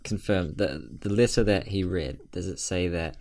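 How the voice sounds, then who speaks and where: A man's voice: low-pitched, moderate pace, darkish tone. A man casually playing a tabletop game, talking in a laid-back, joking way. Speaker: player.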